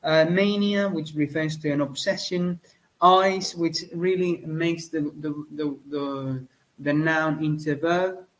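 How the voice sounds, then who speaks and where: Hesitant male teacher, slightly higher voice, frequent fillers. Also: fairly even intonation, slow pace, rough recording. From Spain. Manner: hesitant, many fillers and self-corrections. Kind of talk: spoken lecture.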